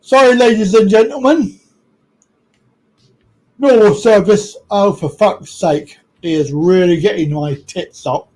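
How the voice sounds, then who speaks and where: A man's voice: high voice, a little slow, a little mellow, poor audio. A British man hosting a live stream, talking casually and bluntly with lots of swearing.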